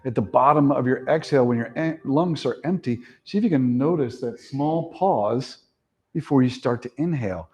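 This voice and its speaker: Soft-spoken man guiding relaxation. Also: medium pitch, slightly rough. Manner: slow, soothing cues that trail off softly. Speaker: yoga instructor. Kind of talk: guided relaxation instruction.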